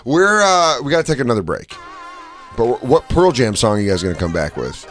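A man telling crude comic stories on a podcast, his pitch swinging all over. Faint music plays underneath. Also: a little fast. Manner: animated storytelling with crude jokes. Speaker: podcast co-host. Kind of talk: casual comedy podcast chat.

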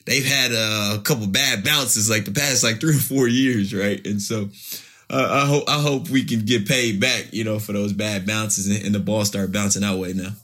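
A man's voice: fairly low pitch, fairly even intonation, normal speed, a bit bright. A man, a pro football player, answering interview questions in a loose storytelling way with many restarts.

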